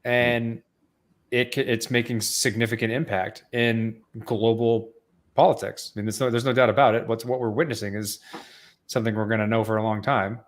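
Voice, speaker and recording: A man's voice: mid-range voice, flat delivery, moderate pace. A man co-hosting a podcast in casual chat, earnestly explaining at length. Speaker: podcast co-host.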